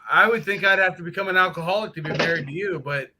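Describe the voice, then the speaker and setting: A man's voice: high voice, quick pace, noisy background. A man chatting casually on a live stream, telling profane joking stories. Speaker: guest on a motorcycle live stream.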